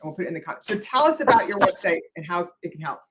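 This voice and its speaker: A woman's voice: on the low side, very animated, quick pace, crowd noise, rough recording. A woman veterinarian hosting an interview, talking casually and rambling, correcting herself often with lots of fillers. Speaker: veterinarian host.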